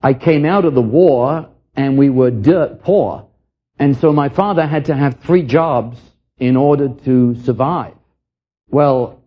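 Older man preaching earnestly, husky voice. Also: a little high, lo-fi sound. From England. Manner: earnest, reflective, repeats words as he starts lines. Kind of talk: sermon.

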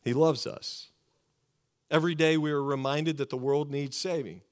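A man preaching a sermon to his congregation, earnest and fervent, slowing down to stress key words. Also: a little high, steady tone. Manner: earnest, fervent preaching with slow emphatic pauses. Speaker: pastor.

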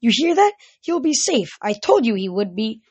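A woman's voice: medium pitch, normal speed, dry recording, highs cut off, close to an everyday voice. A woman doing a dreamy, frail old mother. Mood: dotty. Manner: sweet, dreamy, wandering.

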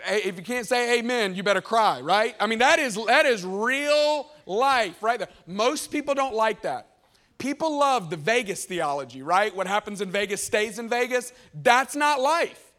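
High-voiced preacher, lively and chatty. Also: male voice. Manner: lively, conversational preaching with asides to the crowd; acts out characters in quick voiced exchanges. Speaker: pastor. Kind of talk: sermon.

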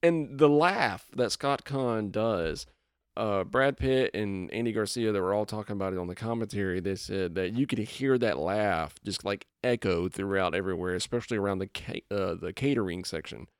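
A man co-hosting a casual movie chat, animated and given to acting out quotes from scenes. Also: fairly low pitch, normal speed, clear, resonant tone, no echo, studio quality. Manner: animated, acts out quotes in a raised voice. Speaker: podcast co-host.

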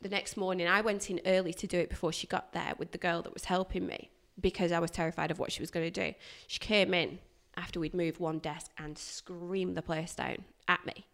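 Low-voiced woman telling her story. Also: fairly quick, hardly any pauses. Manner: animated, emphatic retelling with bursts of loudness. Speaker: guest. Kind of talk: candid personal storytelling.

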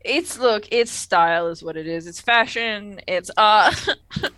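A woman's voice: medium pitch, measured pace, fairly bright tone. A young woman chatting casually as a podcast co-host, laughing and trailing off mid-sentence. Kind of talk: casual chat recapping a TV episode.

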